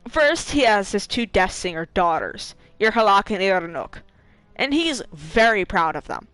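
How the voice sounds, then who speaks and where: A woman streamer casually retelling a game's story, animated, laughing and swearing as she acts out quick voices for the characters. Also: medium pitch, no room sound, soft background music, poor audio. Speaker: gaming streamer. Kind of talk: casual lore retelling while gaming.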